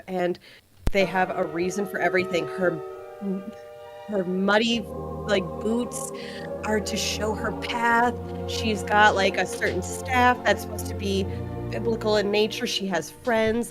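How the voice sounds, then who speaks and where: A woman co-hosting a podcast, sharing news in a chatty way and laughing as she goes. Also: mid-range voice. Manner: chatty, laughs through her news stories. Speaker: podcast co-host. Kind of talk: casual chat.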